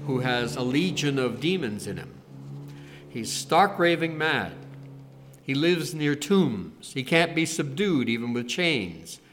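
A man giving a conversational sermon, retelling scripture stories with animated quoted lines. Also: on the high side. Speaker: preacher.

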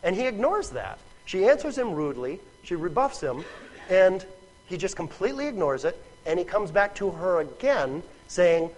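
A man's voice: high voice, sing-song, normal speed, a little mellow, low-quality recording. A man preaching a sermon in a conversational, emphatic way, often repeating words and checking with "right?".

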